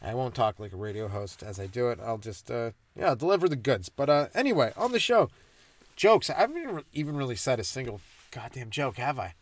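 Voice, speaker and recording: A man who is a stand-up comedian, hosting his podcast in a rambling comedic monologue, stumbling over his words and mocking his own dark jokes. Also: mid-range voice, sing-song, a little fast. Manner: self-deprecating, stumbling and restarting, dark jokes.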